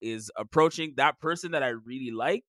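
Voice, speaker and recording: A man's voice: normal speed, a bit bright, no room sound, clean studio sound. A young man co-hosting a teacher podcast, telling classroom stories in casual chat. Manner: storytelling, acts out students in a high voice. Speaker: podcast co-host, middle school teacher.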